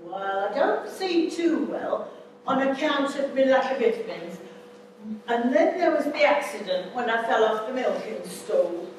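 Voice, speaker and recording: A woman's voice: fairly high pitch, animated, measured pace, slight background noise. An actress putting on a dim, bumbling rustic woman's voice with a broad rural dialect, in an amateur stage comedy. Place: community hall stage. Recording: echoey hall, stage mic from far off.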